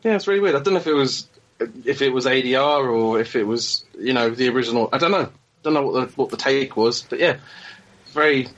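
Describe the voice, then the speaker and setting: A man's voice: medium pitch, brisk, fairly bright tone. A man chatting on a podcast roundtable, eager and salty-mouthed and prone to restarting his sentences. His voice sits in a middling range. The sound is a little dull and muffled, like remote podcast audio. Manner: enthusiastic, profane, rambling with restarts. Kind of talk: casual chat.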